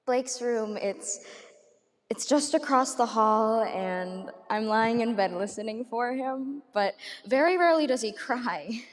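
A young woman performing a dramatic monologue as a grieving young mother, speaking in a hushed, halting way with broken restarts. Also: on the high side, big-room sound. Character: grieving young mother who lost her little son. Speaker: competitive speech performer.

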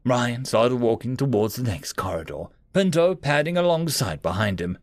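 Gravelly, lively male story narrator. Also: medium pitch, moderate pace, dry recording. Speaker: story narrator, channel host. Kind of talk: reading Reddit sci-fi story aloud.

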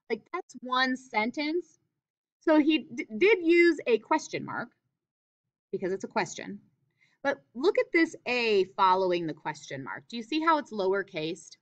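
A woman's voice: mid-range voice, fairly bright tone. A woman teacher explaining punctuation in a classroom writing lesson, reading examples aloud with expression.

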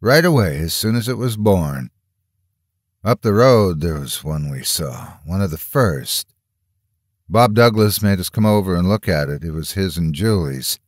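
A hoarse, frightened young husband, guarded and defensive, as a man acts him out. It is read in a deep, dry storybook voice. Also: expressive, unhurried, no echo. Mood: tense, defensive.

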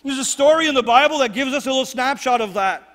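A man's voice: very high-pitched, quick pace, fairly bright tone. A man preaching a sermon as pastor, earnest and repetitive, often checking in with "right?". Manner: earnest, repeats phrases, asks "right?" often. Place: church sanctuary. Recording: long hall reverb.

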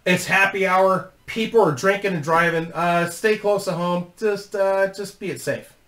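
A man with a high voice tells a rambling, profane story straight to camera for his own channel. He laughs easily as he talks. The sound is roomy and echoey. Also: moderate pace, a bit bright. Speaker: YouTube host.

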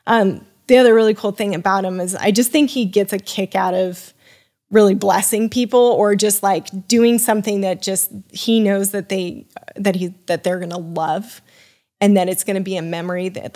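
A woman's voice: medium pitch, fairly even intonation, normal speed, darkish tone. A young adult woman, a sommelier guest on a podcast, chattily telling a rambling personal story full of restarts and acted-out dialogue. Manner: acts out quoted dialogue with her voice rising. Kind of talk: casual interview storytelling.

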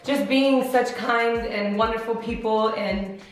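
A woman's voice: a little high, unhurried. Young woman vlogging, all teary and giggly, super echoey room. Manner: emotional, laughing through tears. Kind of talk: casual chat to camera. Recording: echoey room with music behind.

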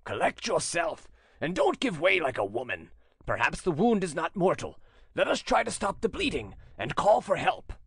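Brief: a man reading as a level-headed companion, brisk and reassuring, lively high voice. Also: gravelly, husky, no echo, clean studio sound, heavily acted. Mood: urging.

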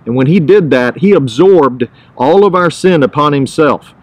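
A man's voice: a little high, animated, moderate pace, a little mellow, no echo, poor audio. A man pastoring a church, teaching a devotional podcast in an earnest, emphatic way, repeating his key phrases.

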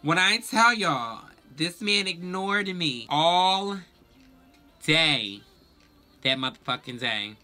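A young man telling a storytime vlog in a sassy, profane, animated way. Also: on the high side, slow, soft background music. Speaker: vlogger.

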